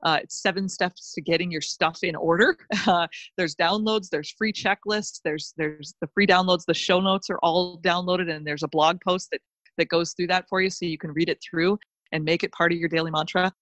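Woman, podcast guest: low-pitched, dry close-mic sound, passionate motivational delivery with lots of emphatic repetition. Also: fairly even intonation, normal speed, fairly bright tone, no room sound. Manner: fired-up, emphatic, repeats phrases. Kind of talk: motivational pep talk.

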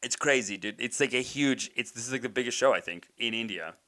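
A man doing a loose, animated stand-up comedy bit, riffing in slangy, casual talk. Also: mid-range voice, fairly quick.

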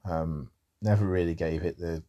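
A man's voice: low-pitched, fairly even intonation, moderate pace, warm tone. A man talking in a rambling casual monologue about music, with wry asides.

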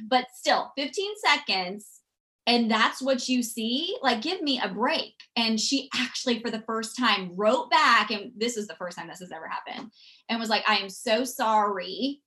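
A woman, telling stories as a podcast guest in a chatty, animated way. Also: a little high, normal speed. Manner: chatty, animated, quotes people in acted voices. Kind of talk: casual storytelling.

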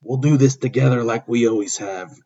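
A man voicing an aging father wrestler, speaking softly and solemnly in a husky voice, on a dull lo-fi recording. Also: mid-range voice, moderate pace, pitched below the performer's own voice, lightly acted.

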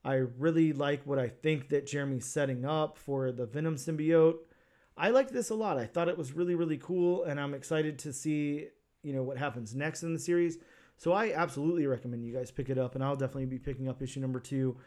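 A man's voice: fairly high pitch, steady tone, fast, darkish tone. A man co-hosting a casual comics podcast, talking in a rambling way with many restarts. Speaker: podcast co-host.

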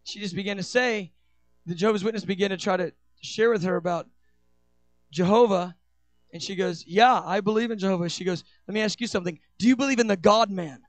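A pastor preaching a sermon, rushing through quick asides, then slowing and rising into loud, shouted declarations. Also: male voice, high-pitched, no room sound, soft background music.

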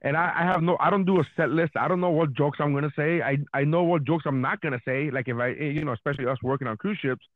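Animated comedian, tinny phone-like sound. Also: male voice, on the high side, fast talker, few pauses, dry recording. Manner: animated storyteller, swears, acts out his own reactions. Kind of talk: casual podcast chat.

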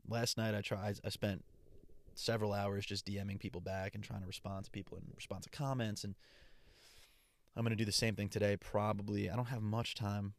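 A man's voice: fairly low pitch, level tone, brisk, dry recording. A young man hosting his own podcast alone, rambling casually in a stream of consciousness into a portable travel mic. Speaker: podcast host. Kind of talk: casual solo podcast monologue.

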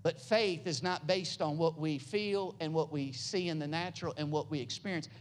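A pastor preaching a sermon, building up into loud, high passages and then dropping to soft, low, quiet lines. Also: normal speed, a little hiss or hum.

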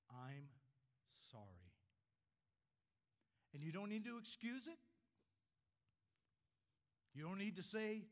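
Older preacher man, fairly high voice. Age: 60s. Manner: swings between emphatic rises and quiet, low drops on key words. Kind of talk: sermon. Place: church.

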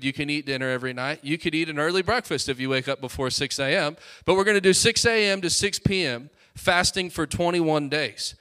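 A male pastor preaching an energetic sermon to his congregation, with quick asides to the crowd. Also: a little high, clear, resonant tone. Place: church sanctuary.

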